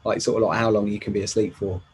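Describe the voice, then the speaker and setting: Rambling jokey man with a husky voice. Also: fairly low pitch, level tone, fast, darkish tone, poor audio. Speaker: podcast co-host. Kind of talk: casual podcast chat.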